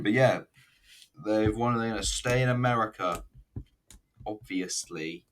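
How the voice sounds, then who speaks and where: A man's voice: fairly low pitch, a little slow, long pauses, distant mic. A man casually reviewing an old wrestling event, rambling, swearing and joking as he watches. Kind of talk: casual video commentary.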